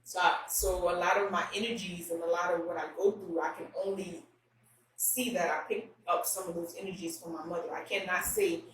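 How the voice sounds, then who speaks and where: Woman interview guest, emotional and halting, off-mic in a roomy echo. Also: lowish voice, steady tone, a bit bright. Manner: emotional, halting, many restarts. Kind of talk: candid conversational interview. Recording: roomy echo, distant mic, faint room noise.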